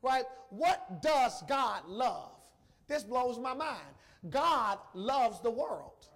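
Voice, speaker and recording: Here a man preaches at an extremely high pitch, animated and a bit bright. Emotional and emphatic, he circles back to the same phrases, stretches words out slowly, and speaks straight to the congregation.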